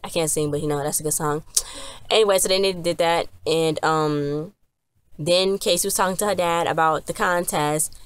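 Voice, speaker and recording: A woman's voice: low voice, fairly even intonation, normal speed, clear, resonant tone. A woman chatting casually to camera as she recaps a TV episode, rambling along with lots of fillers and "she was like" retellings. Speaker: TV episode reviewer.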